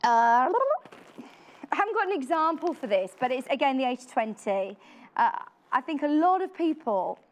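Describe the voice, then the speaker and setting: A woman's voice: high voice, sing-song, normal speed. A woman presenting a live TV shopping demonstration in a studio, chatty and upbeat, often putting questions to the viewer.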